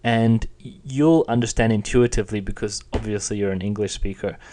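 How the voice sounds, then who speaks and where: A man's voice: fairly low pitch, normal speed, warm tone. A young man giving a patient, plain spoken lesson, explaining and demonstrating intonation. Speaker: Chinese teacher.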